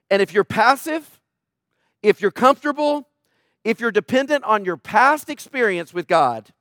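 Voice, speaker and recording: High-voiced urgent male preacher. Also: fairly bright tone, no room sound, clean studio sound. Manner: urgent, emphatic preaching with repetition. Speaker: pastor. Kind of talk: sermon. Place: church.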